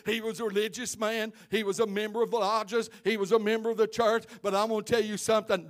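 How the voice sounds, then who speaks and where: A middle-aged pastor preaches with fervor. His voice sits high for a man, and he swings between soaring, impassioned cries and hushed, quiet asides. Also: flat delivery, quick pace, hardly any pauses. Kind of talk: fervent preaching sermon.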